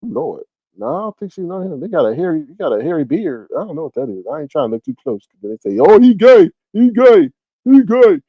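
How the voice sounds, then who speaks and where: A man hosting a casual livestream commentary, his voice swooping widely as he reacts. He talks in an animated, exclamatory way and laughs often. The sound is dry and close. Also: on the high side, quick pace, slightly rough, no room sound, dull audio.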